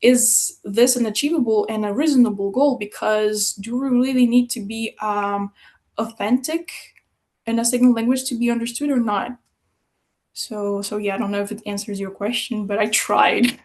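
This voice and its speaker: A woman with a French accent speaks into a computer on a video call, her voice sitting a little high. She answers audience questions slowly, thinking aloud with frequent fillers and restarts. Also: fairly even intonation, a little mellow. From France. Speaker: invited conference speaker.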